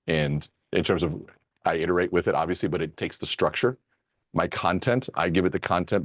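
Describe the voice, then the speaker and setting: A man speaking as an interview guest, telling stories in an excited, animated way. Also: sits low, no room sound, clean studio sound. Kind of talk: conversational interview.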